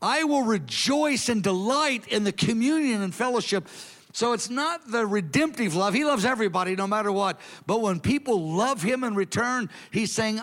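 A man's voice: high-pitched, expressive, normal speed, fairly bright tone. A man preaching a sermon in an earnest, emphatic way, then leading a prayer. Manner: earnest, emphatic, quoting scripture in a raised voice.

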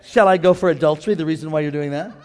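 A high-voiced male pastor preaching with comic energy and sudden shouts. His voice rings through a large sanctuary with a long echo. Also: very fast. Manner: energetic, joking, shouts at the climaxes. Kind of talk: sermon. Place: church sanctuary.

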